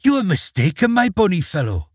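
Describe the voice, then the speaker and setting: Guy putting on a wicked queen voice, high and honeyed, sneaky sweet, storybook. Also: wildly swooping pitch, fairly quick, dry recording, clean studio sound, full character voice. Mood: polite, smug. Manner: falsely sweet, coaxing. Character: cunning murderous queen, smiling and sweet-voiced.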